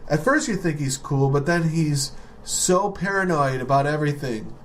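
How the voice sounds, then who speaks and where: A man co-hosting a casual podcast, retelling scenes with quick laughs and quoted lines. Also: fairly high pitch, animated, a little hiss or hum. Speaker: podcast co-host. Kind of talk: casual chat.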